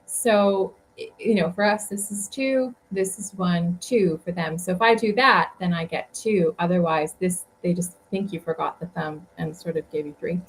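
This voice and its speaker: A woman's voice: lowish voice, moderate pace, few pauses, rough recording. A woman guest telling travel stories in a casual interview, chatty and rambling with many fillers. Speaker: guest author.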